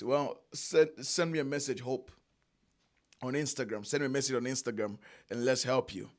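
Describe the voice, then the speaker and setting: A man preaching a sermon, emphatic, repeating phrases and drawing out key lines with long pauses. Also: mid-range voice, fairly even intonation.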